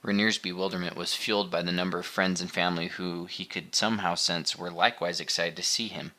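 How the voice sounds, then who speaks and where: In a low-sitting voice, a man gives steady, measured audiobook narration from a script.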